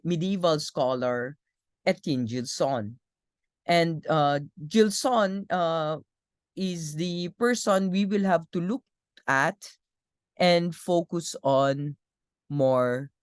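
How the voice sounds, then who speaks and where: A woman with a Filipino accent giving a recorded philosophy lecture, measured and reading quotations aloud with occasional fillers. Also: fairly low pitch, a little mellow, dry recording, clean studio sound.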